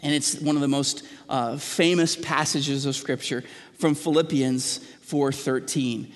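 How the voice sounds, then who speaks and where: A man's voice: mid-range voice, steady tone, measured pace. Man preaching in a reverberant hall. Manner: earnest preaching with frequent restarts, asks the congregation questions. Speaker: pastor. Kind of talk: sermon.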